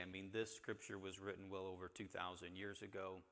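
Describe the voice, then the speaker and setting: A man's voice: deep voice, flat delivery, fairly quick, a bit bright, long reverb tail. A man leading an interactive Bible class, talking conversationally and asking the group questions. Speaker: church teacher. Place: church hall with a group.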